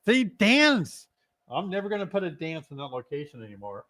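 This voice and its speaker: A man's voice: fairly high pitch, measured pace, long pauses. A middle-aged man hosting a casual beekeeping live stream, playful and teasing, short of breath and coughing from an illness. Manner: playful, teasing, with animated exclamations. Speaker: beekeeping host.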